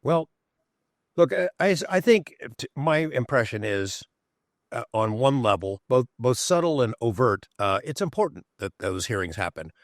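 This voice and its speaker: A man co-hosting a podcast, discussing in a measured way with emphatic rhetorical questions. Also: mid-range voice, sing-song, no echo, studio quality. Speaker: podcast co-host. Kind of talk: analytical discussion.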